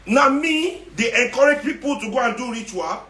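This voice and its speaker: A man's voice: very high voice, animated, a little fast, sharp tone. A Nigerian man delivering an impassioned, confrontational monologue, sarcastic and repeating himself for emphasis, slipping into Nigerian Pidgin. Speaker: activist speaking to followers. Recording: roomy echo.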